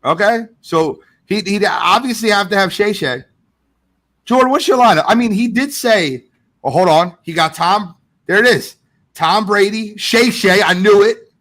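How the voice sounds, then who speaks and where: A man hosting a casual live sports podcast, reading viewer comments aloud in an animated way. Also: high voice, moderate pace. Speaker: podcast host.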